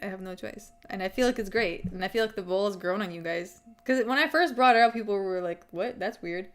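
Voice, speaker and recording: A young adult woman talks casually on her live stream, candid and rambling, full of filler words and swearing. She laughs often and speaks into a desk microphone at a middling pitch. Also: fast, soft background music. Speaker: streamer hosting a fight-picks live stream. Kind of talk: casual chat.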